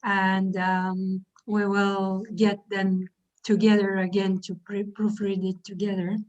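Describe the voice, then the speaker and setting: A woman translator speaking on a video call in an earnest, halting way, with frequent pauses. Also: mid-range voice, little pitch movement, a little mellow, highs cut off. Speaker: book translator. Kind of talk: casual video call chat.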